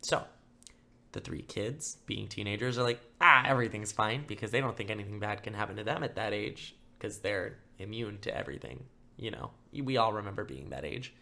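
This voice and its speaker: A young man hosting a true-crime podcast, telling the story casually with lots of fillers and flat acted-out quotes. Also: fairly low pitch, normal speed, vocal fry. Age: young adult. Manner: casual, filler-heavy, acts out quotes in flat mock voices. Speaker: podcast host.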